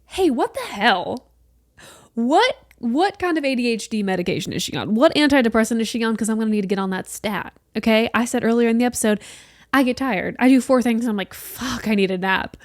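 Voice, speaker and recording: A woman in her late twenties hosting a solo podcast, chatting in an animated way and swearing casually. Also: fairly high pitch, fast talker, dry recording, studio quality. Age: late 20s. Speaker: podcast host.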